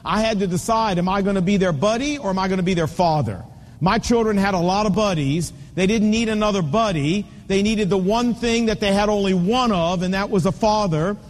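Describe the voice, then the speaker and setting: A man's voice: sits high, fairly quick, big-room sound. A man in his fifties preaching a sermon, telling stories and hammering home points with an emphatic, repetitive cadence. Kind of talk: sermon to men on fatherhood.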